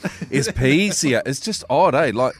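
A New Zealand man hosting a chatty radio show, his voice rising and falling a lot as he mimics how people say words. He sounds like he is in his forties, and his delivery is relaxed and teasing. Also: mid-range voice, moderate pace. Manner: playful, mimics odd pronunciations. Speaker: radio host. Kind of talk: casual radio banter.

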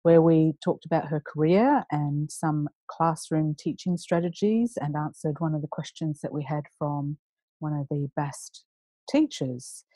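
Host, woman, lowish voice, dry close sound, chatty and upbeat. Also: measured pace, mellow, no room sound. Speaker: podcast host. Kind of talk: casual podcast interview.

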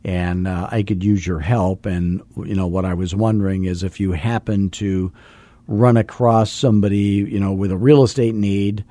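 Man, deep voice, warm mellow tone, dry close sound, podcast host, casual storytelling, plays out both sides of a phone call. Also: steady tone, normal speed, no echo. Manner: anecdotal, jokey, acts out both sides of phone calls. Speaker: real estate coach and podcast host.

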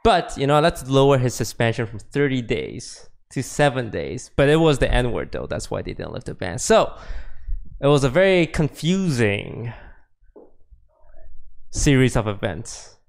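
A man's voice: mid-range voice, big pitch swings, unhurried, creaky. A man co-hosting a casual chat, recapping news in a dry way. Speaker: co-host.

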